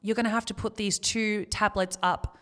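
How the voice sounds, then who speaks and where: Woman, young adult, middle pitch, podcast storytelling, emotional, tearful at moments. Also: steady tone, normal speed, fairly bright tone. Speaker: podcast co-host. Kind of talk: personal storytelling chat.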